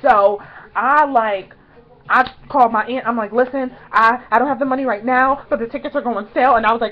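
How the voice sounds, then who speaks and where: A young woman vlogger telling a story in a casual, chatty way, excitedly acting out quotes in higher voices. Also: fast talker, highs cut off.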